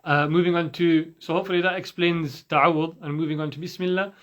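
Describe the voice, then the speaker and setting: A man's voice: on the high side, fairly even intonation, a little fast, fairly bright tone. A man teaching Quran recitation rules in a patient way, demonstrating and repeating sounds for the listener. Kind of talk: recorded recitation lesson.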